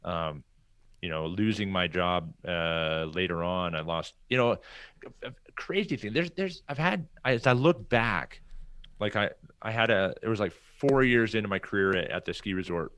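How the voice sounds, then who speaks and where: Smooth and low, his voice moves at normal speed with no room sound. As a podcast guest, he spins casual tales from his working life, animatedly performing the lines of the people he quotes.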